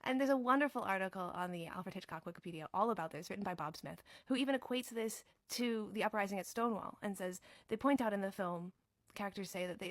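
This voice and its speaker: A woman's voice: mid-range voice, dry recording. Woman, film commentator, wry and playful, mid-range voice, dry close sound. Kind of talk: tongue-in-cheek film commentary.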